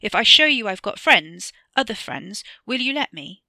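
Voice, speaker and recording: A woman's voice: mid-range voice, big pitch swings, normal speed, sharp tone, dry recording, clean studio sound, full character voice. A woman reading a short story aloud, voicing a scared but defiant ten-year-old boy who gives short, defensive answers.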